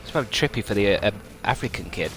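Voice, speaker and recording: A man's voice: lowish voice, animated, fast talker, fairly bright tone, soft background music. A young man chatting on a game stream, rambling and self-mocking with a dry, sardonic edge and casual swearing.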